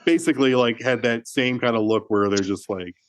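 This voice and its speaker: A man's voice: medium pitch, fairly quick, no echo. Man, podcast co-host, casual film chat, rambling storyteller, dry close sound. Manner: chatty storyteller, many "like"s and restarts.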